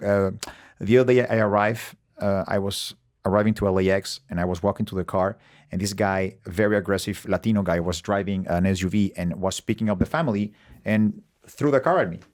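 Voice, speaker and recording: A man's voice: low-pitched, brisk, creaky. A man from Mexico with a Mexican Spanish accent, a podcast guest who tells stories in casual chat, acting out quotes and swearing freely. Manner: animated storyteller, acts out quotes, swears freely.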